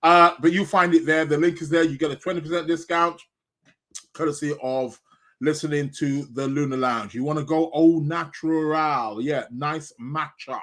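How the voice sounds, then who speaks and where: A man's voice: on the high side, steady tone, moderate pace, fairly bright tone. A man hosting an astrology podcast live stream in a casual, rambling chat, greeting viewers by name and munching snacks as he talks.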